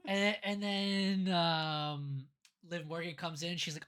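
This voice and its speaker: Bright-voiced casual wrestling podcast host. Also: medium pitch, level tone, slow, clear, resonant tone. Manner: rambling, with many fillers and restarts. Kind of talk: casual wrestling recap chat.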